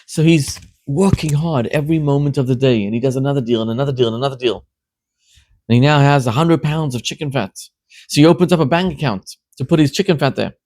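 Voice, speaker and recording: A man, a rabbi, delivering a sermon as an animated storyteller who builds to emphatic questions. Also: mid-range voice, fast, no echo.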